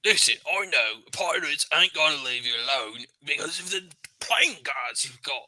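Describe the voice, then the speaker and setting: A man's voice: fairly high pitch, lively intonation, moderate pace, bright, forceful tone, pitched below the performer's own voice, low-quality recording. A man voicing a scruffy, injured dog-man in a thick, mock British accent, crude and given to swearing, in a tabletop game. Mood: grumbling. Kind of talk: tabletop game role-play.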